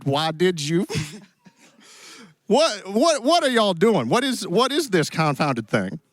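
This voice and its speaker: A man hamming it up as a lively cowboy host. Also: high voice, slow, no room sound, full character voice. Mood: playful. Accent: put-on Western cowboy drawl. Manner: playful, jokey, theatrical. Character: hammy Old West cowboy host, playful and theatrical. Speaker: event host. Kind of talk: live stream hosting in character. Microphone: handheld stick mic.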